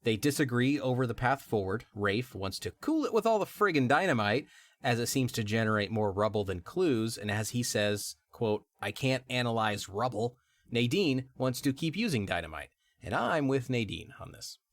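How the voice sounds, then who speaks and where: A man's voice: mid-range voice, sing-song, moderate pace, dry recording, studio quality. A man co-hosting a podcast, recapping a video game story in a joking, self-deprecating way and laughing between lines. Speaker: podcast co-host.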